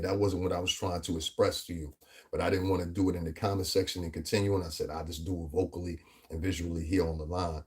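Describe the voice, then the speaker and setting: Holding forth on his casual commentary vlog, a tri-state-area vlogger with a New York accent rambles emphatically, often checking in with asides like "you know what I mean." His low voice is a little husky with a darkish tone.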